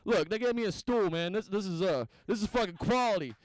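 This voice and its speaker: Profane rambling stand-up comic. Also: male voice, high-pitched, a little fast, no echo. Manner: profane, rambling, self-mocking. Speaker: stand-up comedian. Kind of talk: interview then stand-up set. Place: small comedy venue. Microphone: handheld stage mic.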